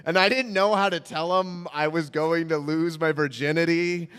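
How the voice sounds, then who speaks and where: A young man telling a comic true-life story on stage, animated and self-mocking, often laughing and trailing off in fillers. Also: fairly high pitch, normal speed, smooth. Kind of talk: live comedic storytelling. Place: stage in a hall before an audience. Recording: reverberant stage hall.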